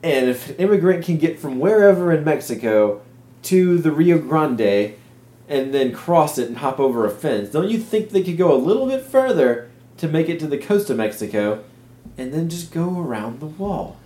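A young man in casual comedic chat, playful and quick to laugh, asking skeptical questions. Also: on the high side, big pitch swings, warm tone. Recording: roomy echo.

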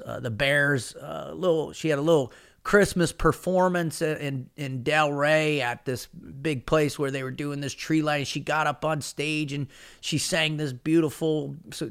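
A man's voice: on the high side, fairly even intonation, moderate pace, a bit bright, clear, resonant tone. A middle-aged man giving an earnest, emphatic solo podcast talk as a motivational speaker, often saying "man".

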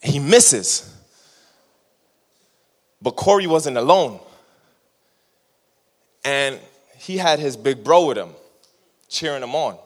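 Animated man preaching in a reverberant hall. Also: mid-range voice, slow pace, long pauses. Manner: animated, laughing storyteller who acts out quotes. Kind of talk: storytelling sermon.

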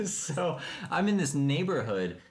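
A young man from Kentucky co-hosting a casual podcast, telling stories in a jokey, animated way. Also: on the high side. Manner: jokey, animated storytelling with quick voiced asides. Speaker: podcast co-host. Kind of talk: casual chat.

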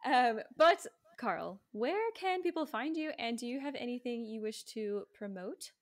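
A woman's voice: a little high, expressive, unhurried. A woman hosting a podcast in a casual chat, upbeat and enthusiastic, with many ums and some casual swearing. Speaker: podcast host.

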